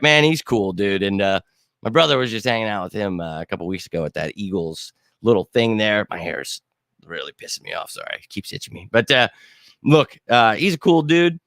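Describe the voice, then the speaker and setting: Middle-aged guy doing a fan livestream, low voice, keeps saying bro, gets loud and hyped, dry close mic. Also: no echo. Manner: excitable, slangy, says bro a lot, bursts into shouts. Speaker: host of a fan live stream. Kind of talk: casual live chat answering viewer comments.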